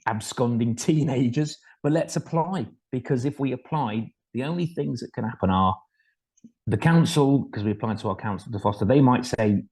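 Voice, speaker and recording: Husky, mellow-voiced foster dad. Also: male voice, medium pitch, normal speed, low-quality recording. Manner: self-deprecating anecdotal storytelling with voiced quotes. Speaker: foster carer. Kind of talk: storytelling talk. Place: kitchen at home.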